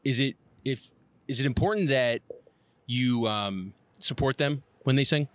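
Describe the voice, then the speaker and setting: A man's voice: mid-range voice, measured pace, no room sound. A man co-hosting a podcast, interviewing guests casually with teasing questions. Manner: teasing, asks many questions.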